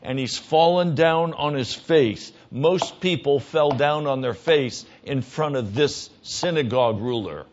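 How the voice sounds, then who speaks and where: Male pastor, sermon delivery, emphatic, hushed to loud; muffled low-fidelity recording. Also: unhurried, few pauses, slight background noise.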